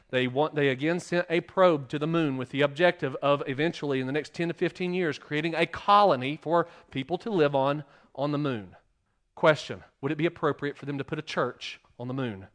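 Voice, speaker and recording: A man giving a sermon as pastor, asking the congregation rhetorical questions and swinging between loud emphasis and quiet, hushed lines. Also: a little high.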